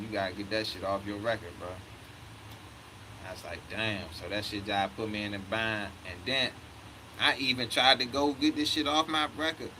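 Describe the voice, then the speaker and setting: A man's voice: mid-range voice, sharp tone, slight background noise, poor audio. A man in his thirties telling a story in a heated, profane way, often quoting himself. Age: 30s. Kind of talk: casual storytelling rant.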